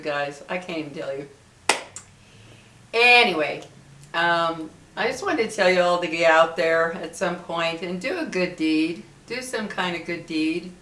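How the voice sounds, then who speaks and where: A woman's voice: fairly low pitch, a bit bright. A woman in her fifties, talking casually to her viewers and telling a story in a chatty, emotional way, with many fillers and restarts. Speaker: vlogger. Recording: echoey room.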